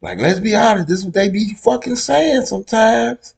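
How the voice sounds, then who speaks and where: A man hosting a reaction video, giving casual, profane commentary on a debate clip and swinging between loud outbursts and low asides. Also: expressive, moderate pace, gravelly, few pauses, breathy edge.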